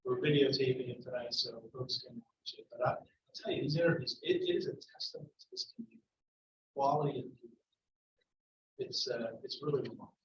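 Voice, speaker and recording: A friendly man chats in a halting way, with an average-pitched voice. He sounds far from the mic in an echoey meeting room, and the audio is dull. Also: animated, background noise. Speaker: township supervisor. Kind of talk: casual chat.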